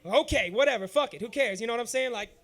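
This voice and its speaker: A male comedian with a very high voice tells a profane, rambling story at an open mic. He talks fast and keeps checking in with the crowd. It sounds like a handheld mic on a comedy club stage. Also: fairly bright tone. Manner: rambling, profane, repeats "you know what I'm saying".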